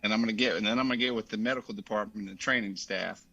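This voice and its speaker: A male coach with a gravelly, husky voice, calmly explaining his approach as a podcast guest. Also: lowish voice, highs cut off, soft background music. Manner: measured, explanatory. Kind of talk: podcast guest answering questions.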